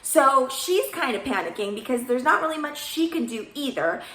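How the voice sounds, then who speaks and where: A young woman casually telling a story from her bakery work, chatty and animated as she acts out what people said. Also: high voice, moderate pace. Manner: chatty, animated retelling with quoted dialogue. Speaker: baker, channel host. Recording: echoey room.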